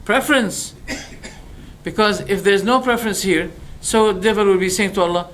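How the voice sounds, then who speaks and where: A man giving a religious lecture as a preacher, animated and rhetorical, firing off questions and acting out exchanges. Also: sits high, moderate pace, slight background noise. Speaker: Islamic preacher.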